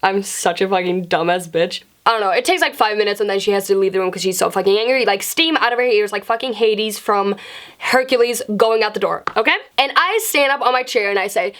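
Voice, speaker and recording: A young woman vlogger telling a casual, profane story from school in a chatty, animated way. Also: mid-range voice, a little fast.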